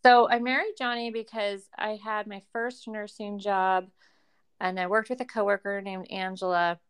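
With a clean tone in a mid-range voice, the woman moves at a moderate pace through a lengthy personal story as a guest in casual chat. She brings quoted people to life by imitating their voices and laughs frequently along the way.

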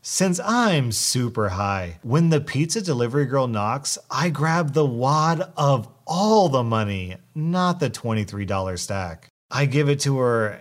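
A man narrating online stories aloud in a scripted, expressive way. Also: mid-range voice, slow, hardly any pauses.

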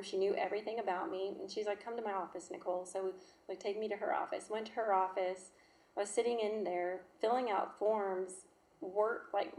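Woman in her thirties, personal testimony, halting and emotional, roomy echo. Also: mid-range voice, vocal fry, a little mellow. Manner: emotional, halting, with fillers and restarts. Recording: echoey room.

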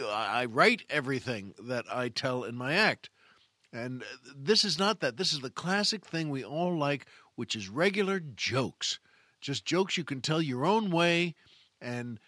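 A man's voice: on the high side, fairly bright tone, dry recording, studio quality. Folksy man on a comedy show. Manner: folksy, repetitive, drawn-out. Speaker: podcast host and stand-up comic. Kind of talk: comedic monologue.

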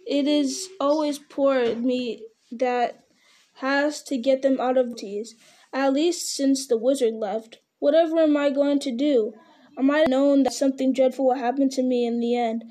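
A woman reading aloud voices a fussy, anxious little male hobbit who frets in hurried exclamations. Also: high voice, fairly even intonation, warm tone. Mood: fretful.

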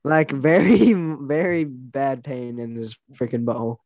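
A man's voice: medium pitch, fairly even intonation, a little slow, a little mellow, no room sound. A young man casually chatting and telling rambling, laughing stories, full of fillers and restarts. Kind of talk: casual chat.

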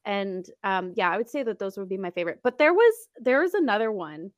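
A woman's voice: medium pitch, lively intonation, a little fast, dry recording, studio quality. A woman co-hosting a podcast in casual, heartfelt conversation, talking easily with many fillers. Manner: chatty, heartfelt, tearful at times. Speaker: podcast co-host.

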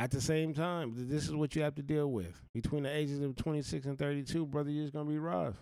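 A man talks straight to his listener with blunt, slangy, heartfelt advice. His pitch sits in the middle of the range, and he speaks with an earnest weight. The recording is dry, with no room sound. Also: fairly even intonation, quick pace, hardly any pauses, warm tone, dry recording. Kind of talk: direct-to-camera life advice monologue.

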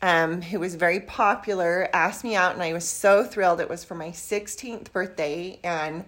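An older grandmother in a casual interview tells stories from her youth, lively and acting out bits of dialogue. Her voice is lowish and moderately paced.

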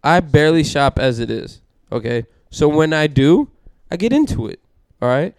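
A brash man joking around on a podcast. His voice is smooth and resonant, his pitch swings widely, and the sound is dry and close. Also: sing-song, moderate pace, darkish tone, no echo. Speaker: podcast co-host. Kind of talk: casual chat.

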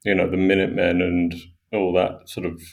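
A man's voice: low voice, completely flat delivery, moderate pace, gravelly, darkish tone, a little hiss or hum. A middle-aged man co-hosting a podcast, chatting casually and hesitantly, full of fillers as he searches for words. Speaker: podcast co-host. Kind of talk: casual chat.

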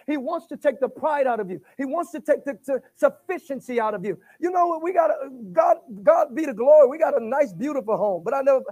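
Delivering a sermon in an extremely high voice, a man shifts from shouting to murmured asides, stutters on repeated words, and calls out for responses.

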